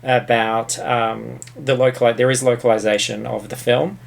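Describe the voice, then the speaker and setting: A man's voice: mid-range voice, level tone, moderate pace, gravelly. An Australian man co-hosting a podcast, giving blunt, opinionated film reviews in casual chat and swearing freely. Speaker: podcast co-host.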